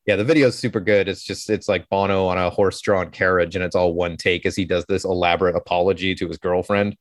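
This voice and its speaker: A man's voice: low-pitched, steady tone, quick pace, no room sound, studio quality. A man in his thirties with a Canadian accent, co-hosting a podcast in casual, rambling, jokey chat. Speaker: podcast co-host.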